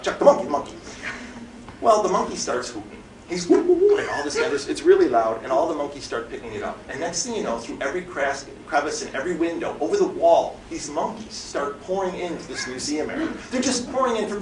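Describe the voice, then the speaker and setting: A man, a mystery author, telling a comic travel story to a theatre audience, animated and laughing as he acts out scenes. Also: sits high. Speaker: mystery author, interview guest. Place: theatre before a live audience. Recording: echoey theatre, far mic, audience noise.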